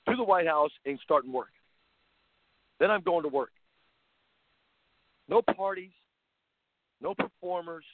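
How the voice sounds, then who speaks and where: A man with a slightly high voice plays a basketball coach hosting a talk show, ranting bluntly and sarcastically and repeating himself a lot. It's an opinionated talk-radio rant, and the audio sounds dry, like it's coming over a phone line.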